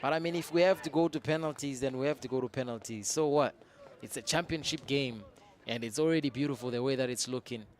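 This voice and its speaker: A man giving casual, opinionated live play-by-play commentary on an amateur soccer match, breaking into excited shouts when a team attacks. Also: mid-range voice, fast. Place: outdoors at a soccer field.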